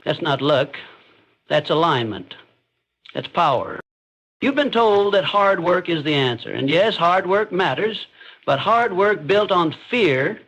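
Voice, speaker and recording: A man's voice: sits high, fairly bright tone, highs cut off. A man giving scripted motivational narration in an intense, emphatic, declarative way.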